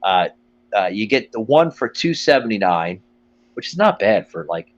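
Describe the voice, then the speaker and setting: A man's voice: lowish voice, big pitch swings, moderate pace, highs cut off. A man hosting a podcast, telling a rambling, profane comic story and quoting people along the way. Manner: profane, rambling, quotes people in put-on voices. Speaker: podcast host. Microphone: phone line.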